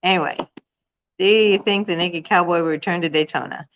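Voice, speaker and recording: A woman's voice: lowish voice, steady tone, brisk, a bit bright, lo-fi sound, a little hiss or hum. Chatty older grandmother on a livestream. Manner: chatty, giggly, reading out viewer comments. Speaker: co-host. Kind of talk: casual livestream chat.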